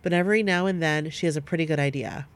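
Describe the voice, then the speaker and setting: A woman co-hosting a podcast, reading listener stories aloud at a steady pace and breaking off now and then to chat with her co-host. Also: low-pitched, fast talker.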